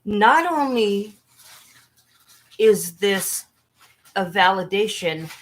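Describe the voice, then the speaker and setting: A woman hosting a casual livestream chat, talking earnestly and haltingly with frequent restarts. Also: medium pitch, fairly bright tone. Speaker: livestream host.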